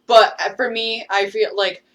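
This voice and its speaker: A woman's voice: mid-range voice, measured pace. Young woman, podcast guest, laid-back, lots of "like", casual gaming chat. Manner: relaxed, filler-heavy opinions.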